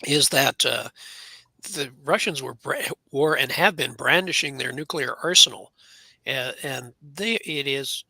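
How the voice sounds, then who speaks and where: Sharp, gravelly man on a radio panel. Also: mid-range voice, a little slow, no echo, poor audio.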